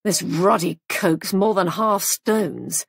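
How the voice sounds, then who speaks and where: A woman voicing a brisk, blunt young man running a guesthouse. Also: mid-range voice, big pitch swings, vocal fry, breathy edge, no room sound, studio quality, heavily acted. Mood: brusque. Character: brusque young husband, innkeeper.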